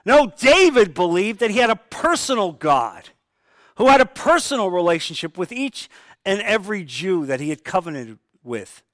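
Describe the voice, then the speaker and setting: A man's voice: high-pitched, big pitch swings, normal speed, fairly bright tone, no room sound. A man pastor preaching a sermon, stressing key phrases by repeating them and acting out sample prayers.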